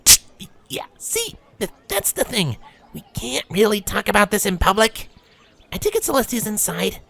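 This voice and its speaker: A man's voice: high-pitched, sing-song, pushed and bright, voice pushed up, heavily acted. A man doing brash pegasus Rainbow Dash. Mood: hushed. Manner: brash, teasing, quick. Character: brash tomboyish young pegasus mare, blunt. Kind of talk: fanfiction reading.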